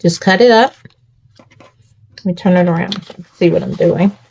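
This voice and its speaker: In a homemade craft tutorial, a woman with a slightly low, darkish, husky voice and some vocal fry walks the viewer through every cut and fold. Her manner is chatty and instructive, and she often pauses to check in with whoever is watching.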